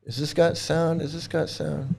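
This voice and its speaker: A man's voice: fairly high pitch, level tone, normal speed, creaky, darkish tone, husky. A man hosting a livestream, ranting indignantly and mockingly with lots of repetition. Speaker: livestream host. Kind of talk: casual livestream commentary.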